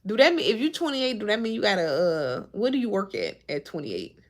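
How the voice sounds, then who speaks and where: Twenties woman, Chicago accent, lively casual livestreamer with a swooping pitch. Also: fairly quick. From Chicago suburbs. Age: 20s. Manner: animated, talks back to chat.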